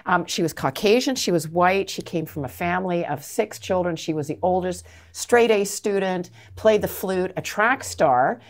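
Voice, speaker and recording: A woman's voice: lowish voice, normal speed, few pauses. A middle-aged woman from Canada, an advocate answering interview questions with earnest, emphatic storytelling. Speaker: anti-trafficking advocate, guest.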